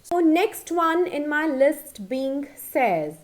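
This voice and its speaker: A high-pitched woman teaches pronunciation in an unhurried, casual video lesson. She speaks slowly, fills pauses with "uh" and checks in with "okay?" and "all right?" as she goes. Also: sing-song. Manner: slow, with many fillers and checks like "okay?".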